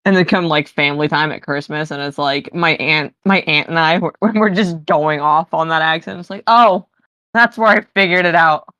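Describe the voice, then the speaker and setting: A woman's voice: deep voice, moderate pace, few pauses, a bit bright, no echo. Woman, casual streamer chat, rambling, loose, swears freely, close dry mic. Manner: rambling, frequent fillers and laughs, swears casually. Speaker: tabletop game player.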